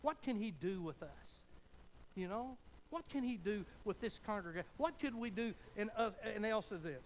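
A man's voice: high voice, expressive, moderate pace, slight background noise, poor audio. A man preaching a sermon, telling a folksy story as pastor and building to fervent appeals.

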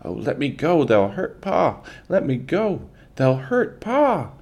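A man reading a storybook aloud and voicing a frightened young girl who cries out in a high, pleading voice. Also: wildly swooping pitch, slow, darkish tone, heavily acted. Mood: frantic.

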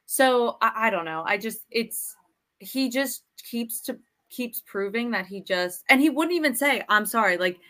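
A woman chatting casually as a friend's guest, emphatic and quick to repeat herself. Her voice sits a bit high, and the tone is bright and forceful. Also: animated. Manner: emphatic, opinionated, repeats for stress. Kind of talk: casual chat.

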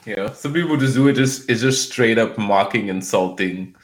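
A man's voice: fairly low pitch, normal speed. Laid-back man in an echoey room. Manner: laid-back, chuckling, dry quips. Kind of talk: casual comedic chat.

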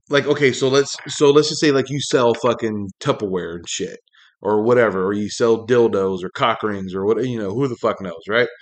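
A man hosting a talk show, ranting in a loose, profane monologue full of fillers, his pitch jumping up when he gets angry. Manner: rambling, heavy swearing, many fillers, pitch jumps when angry. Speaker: podcast host.

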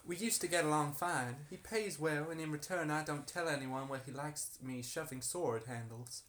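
A man's voice: fairly high pitch, normal speed, fairly bright tone, lightly acted. A man putting on a sly folksy harlot. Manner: folksy drawl, sugary and sly. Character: flirty woman town harlot accused of witchcraft.

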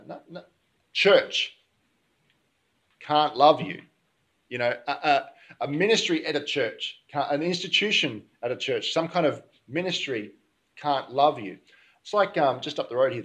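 A man with an Australian accent preaching a sermon in a church, in an easygoing conversational way that keeps checking in with the congregation. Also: medium pitch. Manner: conversational, keeps asking "all right?". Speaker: pastor.

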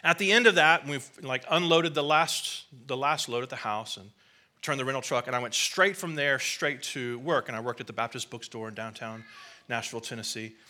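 A man's voice: medium pitch, fairly quick, pushed and bright. A middle-aged man, a pastor, preaching a sermon in a conversational, storytelling way with asides to the congregation.

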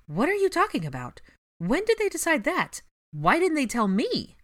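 A woman voicing a fiery, quick-tempered young witch who speaks in a challenging way. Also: on the high side, big pitch swings, pitched above the performer's own voice.

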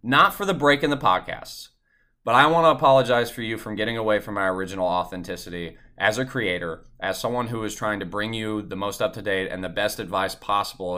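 A young man hosting his podcast, telling a personal story in a casual, animated way and swearing constantly. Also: lowish voice. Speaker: podcast host.

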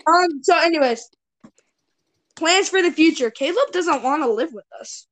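A woman's voice: sits high, animated, moderate pace. A teenage girl hosting a casual chat with friends, teasing and giggly as she steers the topics. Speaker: podcast host.

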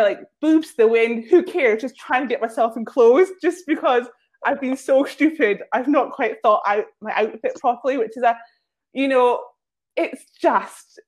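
A woman with a fairly high voice tells casual stories as a guest. Her talk is chatty and self-mocking, peppered with filler words. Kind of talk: casual storytelling.

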